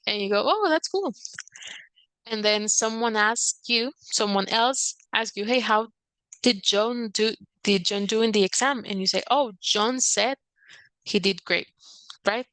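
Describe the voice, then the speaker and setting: A woman's voice: fairly even intonation, unhurried, a bit bright, clear, resonant tone, no room sound, rough recording. A woman teaching an English grammar lesson, explaining patiently and acting out short example lines with a lifted voice. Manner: patient, acts out quoted examples with lifted pitch.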